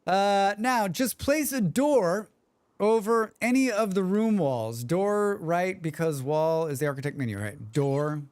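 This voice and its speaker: A male game streamer with a fairly high, very lively voice, joking and rambling to his viewers. He hums and riffs between thoughts, close to a desk mic in a dry room. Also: measured pace, clear, resonant tone, dry recording. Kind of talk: casual livestream chat.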